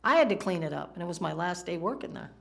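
A woman's voice: on the low side, animated, fast, creaky, a bit bright. A woman preaching a sermon in a conversational way, often asking her listeners questions. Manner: conversational, asks the audience questions.

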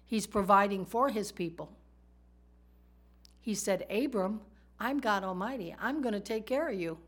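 A woman's voice: medium pitch, measured pace, a bit bright. A woman teaching a sermon in a conversational way, asking her listeners rhetorical questions. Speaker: Bible teacher.

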